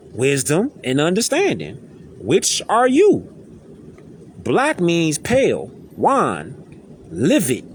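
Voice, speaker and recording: A man's voice: high voice, slight background noise. A man giving an emphatic, casual preachy monologue full of street slang and rhetorical questions, recorded outdoors. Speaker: social media commentator. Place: outdoors near trees.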